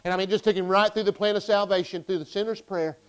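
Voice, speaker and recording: A pastor from Arkansas, preaching a sermon and telling a story with impassioned, emphatic bursts. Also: male voice, high voice, steady tone, quick pace, clean tone, low-quality recording.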